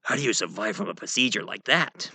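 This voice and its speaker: A man voicing a grim masked male vigilante who speaks low, quiet and serious in a fan-made audio drama. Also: animated, fast, slightly rough, dry recording, full character voice.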